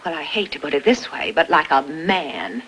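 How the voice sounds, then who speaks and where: A woman's voice: sits low, sing-song, normal speed, a bit bright, husky, heavily acted, poor audio. An actress playing a married woman lawyer who talks earnestly and often restarts her sentences. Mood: fretful.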